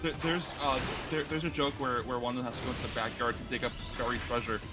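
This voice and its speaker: A young man casually chatting with friends on a call while playing a game, laughing often, swearing and stammering when excited. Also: mid-range voice, fast talker. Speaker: streamer in a group call. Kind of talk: casual gaming chat with friends. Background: game music.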